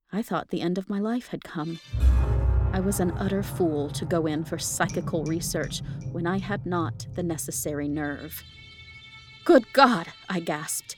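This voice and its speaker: A woman podcast host reading a ghost story aloud, expressive, with casual asides to listeners. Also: on the low side, no room sound, clean studio sound. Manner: expressive, laughs at the text between passages.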